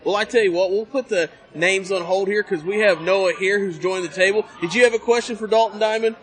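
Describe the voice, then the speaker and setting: A man's voice: high voice, fairly quick. A man hosting a casual podcast interview at a convention, who hypes up his guest and plugs his show. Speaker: podcast host. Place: busy convention hall.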